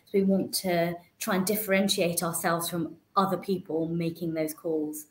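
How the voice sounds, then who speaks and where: Co-host woman, lower voice, echoey. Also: level tone, moderate pace, hardly any pauses. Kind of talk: online training session.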